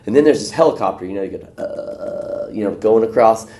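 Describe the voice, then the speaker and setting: A man teaching a church video lesson, telling folksy stories and acting out voices in a high, excited tone. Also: brisk. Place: church room. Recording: echoey room.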